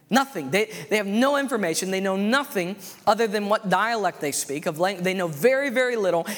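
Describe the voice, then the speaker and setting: Fervent preacher man, slightly high voice. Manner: fervent, repetitive, punctuated with amens and hallelujahs. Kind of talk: sermon. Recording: long hall reverb.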